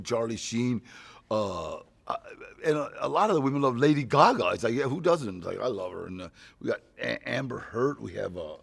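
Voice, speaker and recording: A man with a gravelly, husky voice talks loosely in a press interview, rambling from one story to the next. He keeps dropping in "you know" and breaks into chuckles as he goes, an actor talking up his film. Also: medium pitch, expressive, moderate pace, a bit bright.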